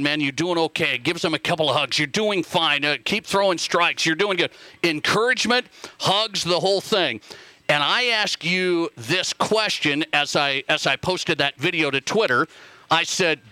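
A man's voice: on the high side, pushed and bright, no echo. A man hosting a sports radio show, talking in a rambling monologue that repeats phrases and puts questions to the listeners. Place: radio studio.

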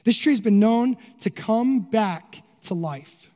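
Pastor, male, very high voice, animated sermon delivery with rhetorical questions; long church-hall reverb. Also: slow. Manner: animated preaching, acts out crowd voices and asks rhetorical questions.

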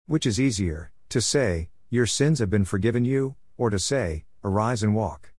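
A calm, authoritative male teacher, read aloud by a man in a low, unhurried voice. He speaks plainly and evenly. The sound is close and dry, like a storybook reading. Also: dry recording. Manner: plain and measured, in the reader's own voice.

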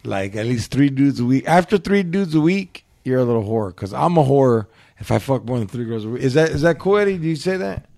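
A man's voice: medium pitch, lively intonation, a little fast, vocal fry, darkish tone, dry recording, studio quality. A man bantering bluntly and crudely in a casual chat among friends.

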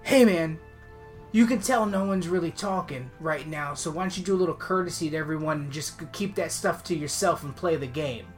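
A man's voice: a little high, brisk, faint music behind, lightly acted. Man putting on a smug, scolding online gamer. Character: rude male online gamer taunting.

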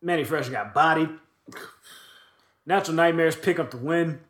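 A man's voice: fairly high pitch, normal speed, fairly bright tone, reverberant. A man co-hosting a podcast, recapping wrestling in a loose, profane, rambling way with lots of fillers. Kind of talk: casual chat.

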